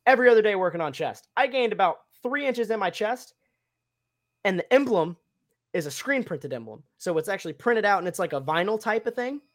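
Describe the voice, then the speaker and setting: A man's voice: high-pitched, lively intonation, brisk. Rambling upbeat young man. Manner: rambling, upbeat, many fillers. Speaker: podcast host and cosplayer. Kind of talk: casual chat.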